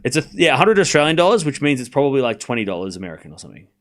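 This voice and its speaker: A man hosting a live stream, calling tennis points with excitable play-by-play and chatting casually with his viewers. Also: medium pitch, racing. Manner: excitable play-by-play mixed with laid-back banter to chat. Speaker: stream host doing live tennis commentary.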